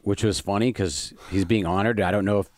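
A man's voice: fairly low pitch, fairly even intonation, a little fast, no room sound, clean studio sound. A man who is a stand-up comedian, telling a story in casual chat, rambling with lots of fillers and restarts.

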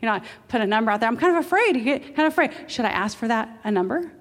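A middle-aged woman with a fairly high voice preaches a sermon in a lively, animated way. She jumps from loud exclamations to hushed asides, and her voice rings with a long reverb. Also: very fast.

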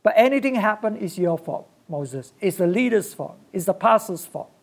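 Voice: mid-range voice, expressive, normal speed, creaky. A preacher delivering a sermon in short, emphatic bursts, often repeating key phrases.

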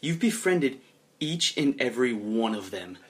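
A young man narrating his character's actions in a comedic tabletop role-play, chuckling as he goes. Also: mid-range voice. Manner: animated, chuckling, drops into quick voiced asides.

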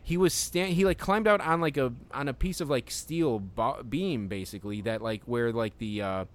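A man co-hosting a podcast in loose, casual chat. He rambles in halting stops and restarts, swears freely and laughs often. His voice sits at an ordinary middle pitch for a man. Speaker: podcast co-host.

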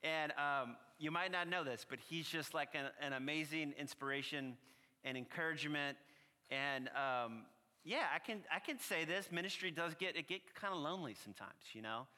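A man with a New Orleans accent gives a sermon as a guest priest. His voice sits fairly high and sounds bright. He talks in a chatty, earnest way, slows into a prayerful cadence, and the long reverb of a church hall surrounds him. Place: church sanctuary.

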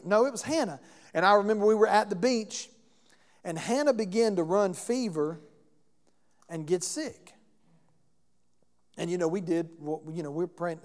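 High-voiced pastor in a reverberant church. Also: male voice. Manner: conversational storytelling with questions to the congregation. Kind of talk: sermon. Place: church sanctuary. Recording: long church hall reverb.

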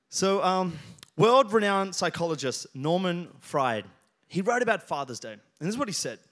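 Speaking to his congregation in a church hall, a male pastor delivers a sermon full of humorous stories, addressing people by name as he jokes. His voice runs on the high side and sounds pushed and bright.

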